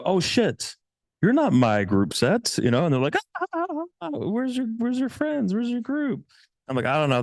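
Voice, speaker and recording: A man giving a seminar presentation as a dating coach, blunt and profane, with frequent restarts and quick jumps into other voices. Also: no echo, clean studio sound. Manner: animated, jumps into high voices for quotes.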